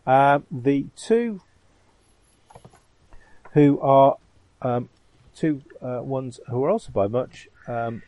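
A man's voice: mid-range voice, expressive, dark tone, no room sound, low-quality recording. A man running a tabletop game as game master, hesitant and full of ums as he describes the combat. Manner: halting, full of ums and uhs.

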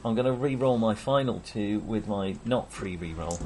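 A man's voice: lowish voice, moderate pace, a little hiss or hum. A man playing a tabletop game in a playful, laughing manner. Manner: playful, lively, laughs often. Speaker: player. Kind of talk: casual tabletop game play.

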